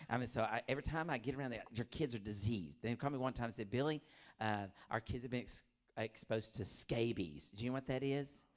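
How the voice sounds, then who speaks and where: A man's voice: mid-range voice, fast. A middle-aged man performing a stand-up comedy set, telling stories, acting out voices and laughing often. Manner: animated storytelling, acts out voices, laughs often.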